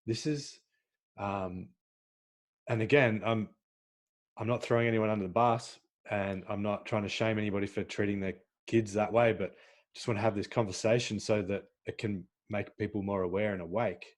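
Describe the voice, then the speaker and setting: A man hosting a podcast, talking in a halting, casual way with many fillers and restarts. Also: on the low side, fairly even intonation. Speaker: podcast host.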